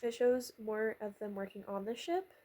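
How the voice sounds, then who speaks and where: A woman's voice: medium pitch, expressive, moderate pace, warm tone. A woman giving a casual, rambling recap, chatty and sarcastic, with lots of fillers, quoting characters in her own voice. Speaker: vlogger recapping a miniseries.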